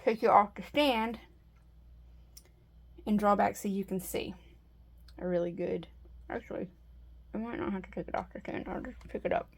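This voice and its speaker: A woman's voice: medium pitch, steady tone, moderate pace, vocal fry, pauses often, low-quality recording. A woman vlogging casually from her home workspace, chatting and thinking aloud as she works on a resin piece, often breaking off mid-sentence. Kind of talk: casual chat while working.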